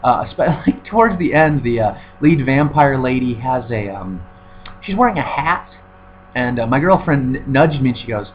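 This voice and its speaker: A man's voice: medium pitch, lively intonation, moderate pace. A man giving a sarcastic, profane, rambling review of a film in casual chat, full of fillers. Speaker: movie reviewer. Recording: dull recording with faint hum.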